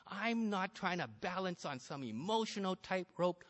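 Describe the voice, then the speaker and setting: A man's voice: high voice, expressive, unhurried, fairly bright tone, big-room sound. A man reading a first-person story aloud with a wry, understated delivery. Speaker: story reader.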